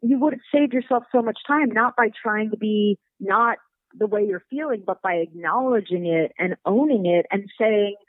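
A woman's voice: medium pitch, normal speed, dry recording. Woman guest coach on a phone line, earnest, tinny and dry. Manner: warm, earnest, coaching tone with acted-out quotes. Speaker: guest expert on emotional intelligence. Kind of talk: podcast conversation.

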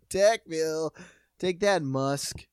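A man's voice: a little high, drawn-out words, darkish tone, smooth, no echo, clean studio sound. A young man co-hosting a comedy podcast, making sardonic quips and laughing at his own jokes. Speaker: podcast co-host. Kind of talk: casual comedic banter.

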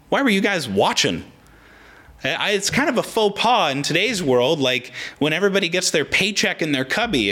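Lively, bright-voiced man preaching a sermon. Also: fairly high pitch. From Oregon, United States. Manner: animated, acts out voices in quotes. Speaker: pastor.

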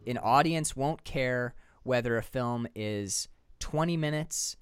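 A man's voice: mid-range voice, takes it slowly, smooth, no room sound. A man co-hosting a casual movie chat podcast, talking with enthusiasm, rambling and laughing often. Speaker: podcast co-host.

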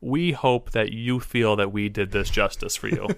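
Brief: man co-host, relaxed chat, quick dry jokes, dead-dry recording. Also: on the low side, vocal fry, smooth, no room sound. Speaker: podcast co-host. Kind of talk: casual chat.

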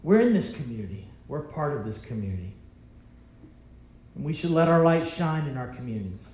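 A man's voice: mid-range voice, very animated, brisk, a little mellow, reverberant. A man preaching a sermon as pastor, emphatic and full of rhetorical questions.

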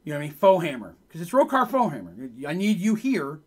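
A man's voice: on the high side, wildly swooping pitch, brisk, slightly rough, full character voice. A man voicing a stern male minotaur clan leader, who gives clipped orders. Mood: commanding.

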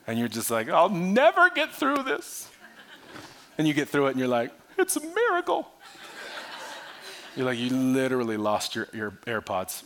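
A male pastor preaching a sermon with animated delivery, swinging between loud bursts and hushed, quiet lines. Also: medium pitch, slight background noise.

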